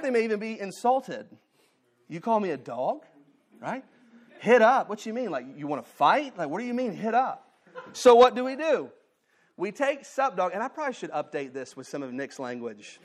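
A middle-aged male pastor preaching a sermon in a conversational, playful teaching manner. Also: high voice.

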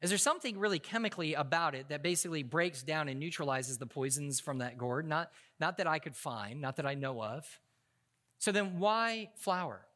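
A male pastor delivers a sermon with a high-pitched voice and a bright, forceful tone. His talk is conversational and full of jokes, and he often stumbles and restarts mid-sentence as he tells stories. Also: animated, moderate pace. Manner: humorous, conversational storytelling with frequent restarts.

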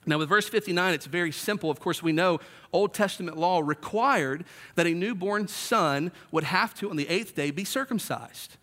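A man's voice: high voice, normal speed, a bit bright. A man in his thirties preaching a sermon in a conversational way, acting out the voices he quotes. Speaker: pastor.

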